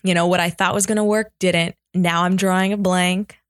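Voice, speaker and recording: A woman's voice: fairly low pitch, flat delivery, moderate pace, no room sound, clean studio sound. A woman in a casual faith podcast chat, talking candidly and reflectively about her own experience. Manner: candid, reflective personal sharing.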